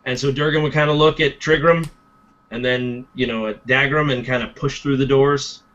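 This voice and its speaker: A man playing a tabletop role-playing game, switching playfully between his own voice and a gruff dwarf. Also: medium pitch, fairly even intonation, moderate pace, a bit bright. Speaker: player voicing a dwarf. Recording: dull lo-fi sound.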